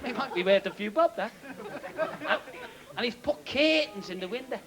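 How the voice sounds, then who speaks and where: A man's voice: high voice, animated, moderate pace. A man telling a rambling joke on stage, chuckling at his own story. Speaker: stand-up comedian. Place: live comedy venue. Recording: noisy live recording with loud crowd.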